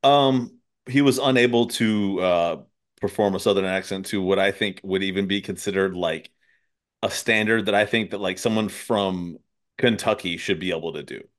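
Male podcast host, deeper voice, casual and profane, easy laugh. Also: moderate pace. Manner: loose and profane, laughs often. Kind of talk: casual conversation.

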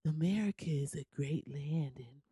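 A woman's voice: deep voice, normal speed, mellow, breathy edge, dry recording, clean studio sound, pitched below the performer's own voice. A woman putting on a sleepy, hollow, droning older man's voice in mockery.

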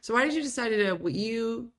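Slightly high and expressive, her voice moves a little fast as this middle-aged woman hosts a casual live chat. She giggles, chats and breaks into playful put-on voices while reading viewer comments aloud.

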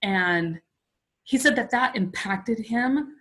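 A woman's voice: a little high, animated, slow, a bit bright. A woman in her forties, a podcast guest, telling a personal story in an earnest, chatty way, full of "like" fillers.

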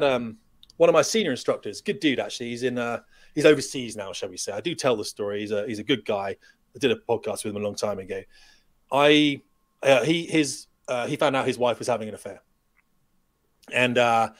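Middle-aged guy rattling off a story quick, acting out what everyone said, mid pitch. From United Kingdom. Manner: lively anecdotes, acts out quoted dialogue. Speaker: podcast guest, retired fighter pilot. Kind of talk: storytelling in a podcast interview.

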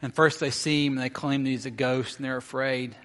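A man's voice: mid-range voice, level tone, a little fast, a bit bright. Man preaching in a reverberant hall. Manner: storytelling, acts out quotes with rising intensity. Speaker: pastor. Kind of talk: sermon. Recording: long reverb of a large hall.

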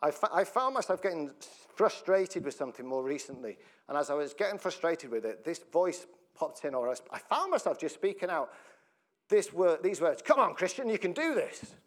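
Chatty pastor, quick to laugh. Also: male voice, on the high side, expressive. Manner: jokey, laughs often, breaks up mid-sentence; conversational, asks the congregation questions. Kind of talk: sermon.

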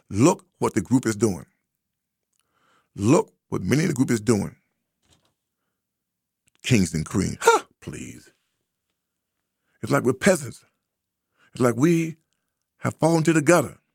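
Gravelly, impassioned male commentator. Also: mid-range voice, animated, moderate pace, pauses often, dry recording, studio quality. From United States. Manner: preachy, emphatic, repeats phrases for effect. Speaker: social commentator.

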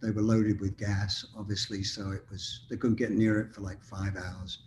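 A man's voice: on the low side, level tone, normal speed, darkish tone, a little hiss or hum. An older man, a musician guest, telling long anecdotes in a casual interview, rambling with frequent ums and restarts.

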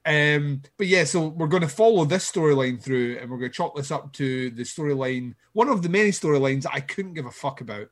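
A man's voice: on the high side, lively intonation, fairly quick, few pauses. Sarcastic, profane man co-hosting. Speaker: podcast co-host. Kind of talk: casual chat recapping a show.

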